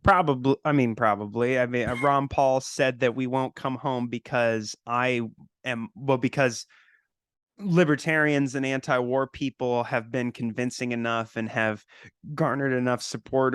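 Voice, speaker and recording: A man's voice: mid-range voice, smooth, no echo, clean studio sound. A man speaking as a podcast guest, blunt and opinionated in casual political talk.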